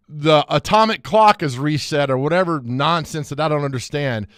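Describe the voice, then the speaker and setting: A man co-hosting a casual sports talk radio show in a studio, animated and quick to laugh, drifting into rambling asides. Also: on the high side, clean tone, no room sound. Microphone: studio mic.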